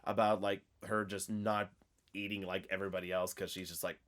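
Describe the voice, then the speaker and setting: A young man co-hosting a podcast, recapping a film in a relaxed, rambling way. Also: sits low, fairly quick. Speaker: podcast co-host. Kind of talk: casual chat.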